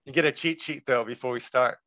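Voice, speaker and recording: A man presenting a workshop lecture in a relaxed, conversational way, explaining terms with examples. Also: medium pitch, fairly quick, no echo.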